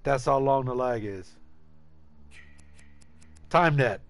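A man's voice: medium pitch, takes it slowly, fairly bright tone. A man chatting casually and profanely to viewers while streaming a game, rambling and joking. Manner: loose and profane, rambling, jokey. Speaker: gaming streamer. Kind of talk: casual live-stream chat.

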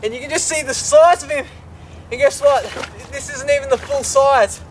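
Australian man, very high voice, out of breath, whooping, casual slang, outdoor swamp, faint background noise. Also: normal speed. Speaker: wildlife adventurer host. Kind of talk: excited on-location presenting.

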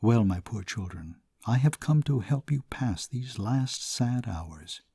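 A man voicing a weary, perfunctory middle-aged priest who speaks softly and professionally. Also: medium pitch, expressive, takes it slowly, gravelly, slightly rough, dry recording, clean studio sound, exaggerated voice. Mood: soothing. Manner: soft, professional, hushed.

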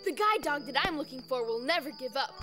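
A woman voicing a kind, upbeat young blind boy in a cartoon, gentle and curious. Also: high voice, lively intonation, quick pace, over music.

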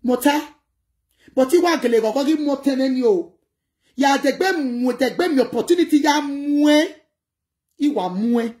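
A high-pitched woman with a Nigerian Pidgin accent talks casually to her livestream viewers. She is animated and lively, and she calls out to her audience as she speaks. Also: normal speed, pauses often. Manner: animated, switching between pidgin and local language, addressing viewers. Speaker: livestream host.

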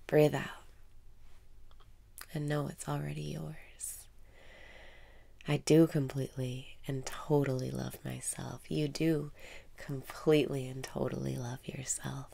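Woman, meditation guide: deep, very gravelly, slow and soft, half-whispered breathing cues. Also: little pitch movement. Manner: repeats breathing cues and mantras.

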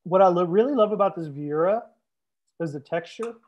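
A man's voice: sits high, fairly quick, dull audio. A young man hosting a live wine tasting as a sommelier, chatting casually and joking as he reads out viewer comments. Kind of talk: casual livestream chat.

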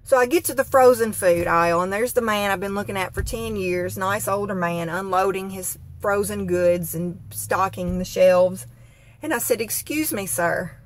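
A woman's voice: medium pitch, moderate pace. A woman telling an exasperated, dramatic comic rant with expressions. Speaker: comedic vlogger.

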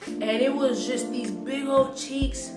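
A woman's voice: high-pitched, takes it slowly. A young woman co-hosting a couple's vlog, chatting in a playful, teasing way and speaking to the viewers directly. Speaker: co-host of a couple's channel. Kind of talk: casual chat. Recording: echoey room with faint music.

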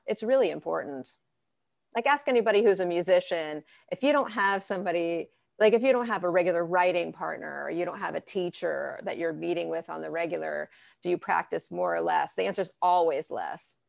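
A woman therapist answering interview questions in a lively, conversational way, acting out what clients say. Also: lowish voice, fairly quick, gravelly, no room sound, studio quality. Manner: lively, acts out clients' arguments in quotes. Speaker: therapist guest.

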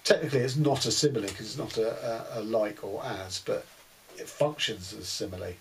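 A man's voice: fairly low pitch, fairly quick, a little hiss or hum, low-quality recording. A man giving a casual book review, wry and exasperated, with many fillers.

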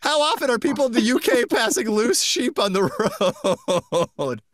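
A man's voice: very high-pitched, big pitch swings, a little slow, a bit bright, dry recording, studio quality. A man hosting a podcast in casual chat, playfully reading quiz questions aloud and laughing mid-sentence. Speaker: podcast host.

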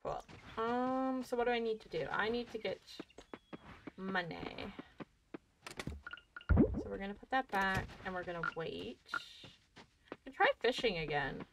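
A young woman streaming a video game, chatting excitably and talking to herself as she plays. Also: medium pitch, measured pace, pauses often, background noise. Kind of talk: casual let's-play commentary.

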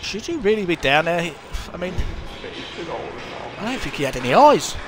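A man's voice: sits high, very animated, moderate pace, music in the background. A man commentating a horror game, swearing a lot, jumpy, and talking back to the characters on screen. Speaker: gamer.

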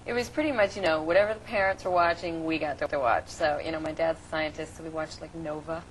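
Chatty female actress guest. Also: fast. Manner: chatty, animated storytelling. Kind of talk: casual TV interview. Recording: noisy low-quality TV recording.

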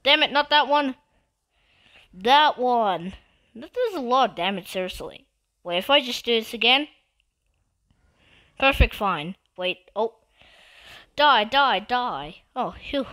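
A woman talks through her game live, excitable and throwing repetitive trash talk at other players. Her voice sits fairly high and bright, with a slow, drawn-out pace. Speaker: gamer. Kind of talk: live gameplay commentary.

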